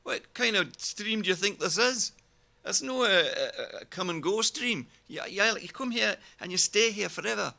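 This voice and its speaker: A man putting on a Scottish accent to voice a gruff, grumbling Scotsman during a live stream chat. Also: sits high, expressive, moderate pace, hardly any pauses, sharp tone, pitched above the performer's own voice, exaggerated voice. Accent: put-on Scottish. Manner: grumbling, complaining about politics.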